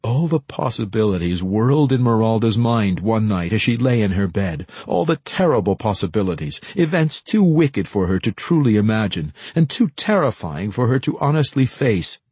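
A man narrating a story in an expressive reading style. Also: on the low side, moderate pace, hardly any pauses, husky, no echo. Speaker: audiobook narrator. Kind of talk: scripted narration.

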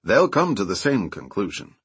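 An earnest scientist pressing his case calmly and persuasively, as a male narrator reads him. The voice is low and slightly husky. It sits in a dry, close recording. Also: normal speed, no echo, exaggerated voice.

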